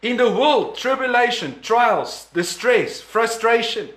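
A man with a high, bright voice preaches a sermon at an unhurried pace. He leans hard on key words, repeating them for emphasis and chuckling between points. His voice rings through an echoey hall. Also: animated.

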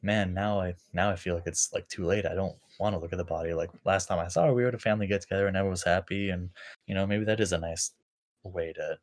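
A man with a very deep, low voice talks through a personal memory in a loose, unscripted way. He circles back, restarts sentences and leans on lots of filler words as he thinks aloud. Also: fairly even intonation. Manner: halting, full of fillers and restarts. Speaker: podcast co-host. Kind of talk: casual reflective chat.

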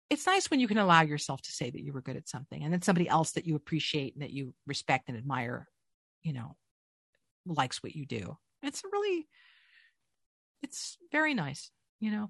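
A middle-aged woman speaks as a guest in a casual interview, swooping freely up and down in pitch. Her voice sits dry and close, with no room around it. She tells her stories with an animated, self-mocking humor. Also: creaky, no room sound. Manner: animated, self-deprecating storyteller. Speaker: voice actor, guest.

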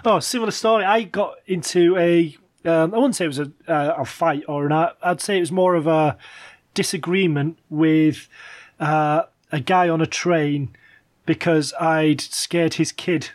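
Middle-aged man, casual storyteller, hesitant, fairly high voice. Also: steady tone, measured pace. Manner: hesitant, many fillers, laughs while telling stories. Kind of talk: casual chat, telling anecdotes.

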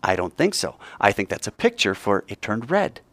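Lively, playful male teacher. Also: on the low side, moderate pace, no echo. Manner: lively, playful, joking with students. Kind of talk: classroom Bible lesson.

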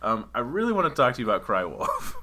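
A man hosting a casual interview podcast, telling stories in an animated way and laughing often. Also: medium pitch, quick pace. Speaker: podcast host.

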